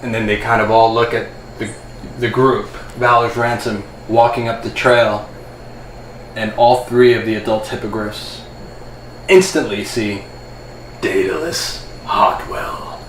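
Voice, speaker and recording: Male game master, steady descriptive narration, roomy echo. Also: fairly low pitch, a little slow. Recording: echoey room, faint ambient noise.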